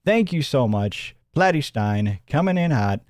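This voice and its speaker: A man's voice: mid-range voice, very animated, measured pace, darkish tone, dry recording, studio quality. A man hosting a livestream, rambling and mocking as he comments and thanks viewers, often chuckling. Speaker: host.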